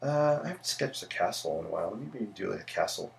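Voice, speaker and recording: Gravelly-voiced chatty man sketching live. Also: sits low, lively intonation, quick pace, a little hiss or hum. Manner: chatty, greets viewers, rambling asides. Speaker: livestream host and architect. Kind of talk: casual livestream chat while sketching.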